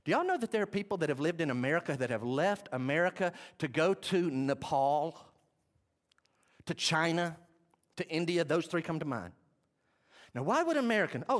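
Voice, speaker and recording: Man pastor preaching, lively swinging delivery, slightly high voice, long church reverb. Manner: animated, swings from loud to hushed. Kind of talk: sermon. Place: church sanctuary.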